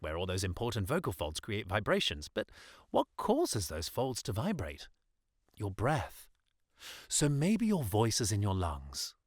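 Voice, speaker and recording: A man with a low voice talks through a scripted podcast as a voice coach. His delivery is lively and emphatic, rising and falling freely on key words. The sound is dry and close, with no room around it. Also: no room sound. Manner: expressive, emphatic delivery with pitch swings.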